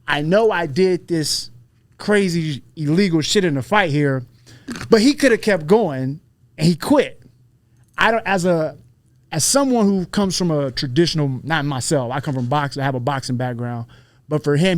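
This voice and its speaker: A man telling a story in casual podcast chat, profane and animated, acting out the people he quotes. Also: a little high, moderate pace, no echo. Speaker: podcast guest, fighter.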